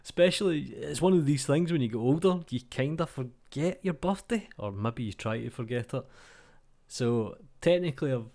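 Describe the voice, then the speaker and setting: A man in his thirties with a broad Glasgow accent talks off the cuff, blunt and sweary. His voice sits at an ordinary middle pitch, and he sounds relaxed and self-mocking as he chats. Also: normal speed, gravelly. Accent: Glaswegian Scottish. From Scotland. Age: 30s. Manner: playing a game while talking. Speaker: YouTube 3D tutorial creator. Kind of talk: casual rambling vlog chat.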